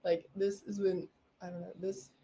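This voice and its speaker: Young female podcast host, excitable and rambling; mellow tone, light background noise. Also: on the low side, moderate pace, poor audio. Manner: bubbly, rambling, giggly. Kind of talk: casual solo podcast chat.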